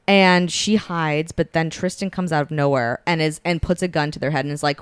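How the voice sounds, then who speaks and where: A woman's voice: animated, clean tone, no echo. A woman co-hosting a podcast, animatedly retelling a book's plot in casual chat and acting out the characters' lines. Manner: acts out characters' lines with shifts in pitch, quick asides. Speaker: podcast co-host retelling a book.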